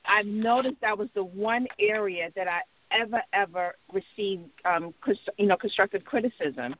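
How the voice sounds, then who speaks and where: A woman's voice: mid-range voice, a little hiss or hum. Reflective woman writer on a phone line. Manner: reflective, thoughtful, many pauses with fillers. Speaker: writer and podcast co-host. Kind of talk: casual conversation. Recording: tinny phone-line sound.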